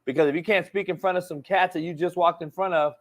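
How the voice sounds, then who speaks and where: A man's voice: high-pitched, fairly even intonation, quick pace. A man hosting a casual sports talk show, a football coach who talks bluntly and swears a lot. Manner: blunt, profane, emphatic.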